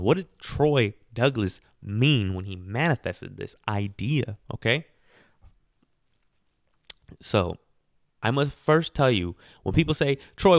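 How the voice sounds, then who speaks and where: Guy doing a solo podcast rant, lowish voice, dry close mic, keeps asking questions and laughing at himself. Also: gravelly, dry recording. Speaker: podcast host. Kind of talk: casual solo podcast monologue.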